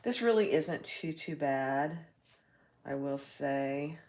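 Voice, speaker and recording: Woman host for a live sewing demo, deep voice, slow chatty delivery, talks viewers through each step. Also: lively intonation, darkish tone. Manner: chatty, reacts aloud while working, reads viewer comments.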